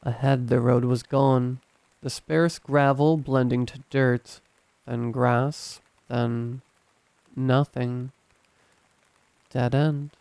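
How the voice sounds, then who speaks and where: A man narrating a scripted horror story in a measured, tense storytelling manner. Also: mid-range voice, steady tone, vocal fry, darkish tone, clear, resonant tone, no room sound.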